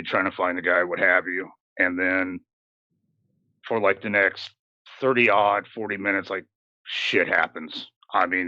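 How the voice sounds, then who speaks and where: A man's voice: lowish voice, bright, forceful tone, no echo, lo-fi sound. A man co-hosting a podcast, casually recapping a horror film in a rambling way, with many fillers and some swearing. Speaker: podcast co-host. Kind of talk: casual film review chat.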